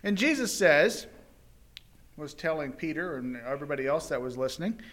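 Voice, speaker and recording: A male preacher giving a sermon, retelling a parable in animated, dramatic storytelling. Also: a little high, normal speed.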